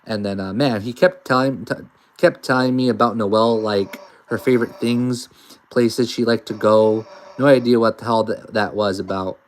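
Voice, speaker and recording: A man's voice: on the low side, fairly even intonation, moderate pace, a little hiss or hum, rough recording. A young man giving casual, rambling let's play commentary with fillers. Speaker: gamer.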